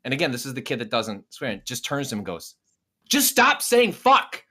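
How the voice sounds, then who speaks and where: An adult podcast co-host and parent telling an animated story. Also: medium pitch, quick pace.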